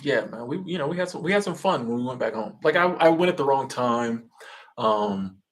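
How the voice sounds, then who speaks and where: A man's voice: medium pitch, expressive, brisk. A man from Florida, hosting a casual livestream and answering chat in a loose, rambling way full of restarts.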